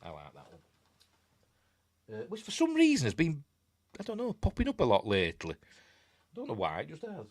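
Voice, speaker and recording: A man's voice: a little high, huge pitch swings, moderate pace, long pauses, a little mellow, no echo. A man with a Yorkshire accent hosting a casual livestream, rambling and chuckling as he answers viewer comments. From Yorkshire, England. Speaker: host of a film review livestream. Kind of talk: casual live-stream chat.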